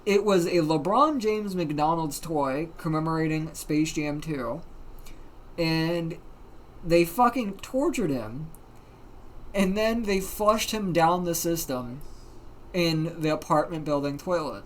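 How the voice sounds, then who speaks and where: A livestreamer telling a story in casual, animated talk, swearing often and using plenty of fillers. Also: medium pitch, takes it slowly, slight background noise. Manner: animated, profane, many fillers.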